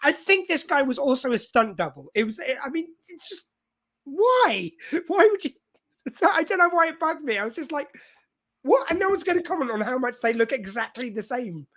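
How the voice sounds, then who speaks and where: A man co-hosting a podcast in casual chat, animated, cutting in and acting out quotes. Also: very high-pitched, fairly quick. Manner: animated, interrupts, acts out quotes. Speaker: podcast co-host.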